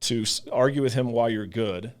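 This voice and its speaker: This mid-range male voice moves a little fast. He leads a ministry and co-hosts a podcast, speaking with earnest feeling in a relaxed faith discussion where he performs the voices he quotes, and emotion makes his voice catch.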